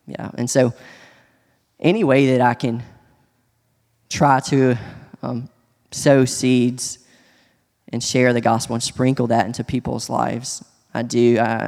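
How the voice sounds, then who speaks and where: A man sharing a personal testimony in church, speaking earnestly and haltingly, with many restarts. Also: mid-range voice, creaky, a little mellow. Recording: long hall reverb.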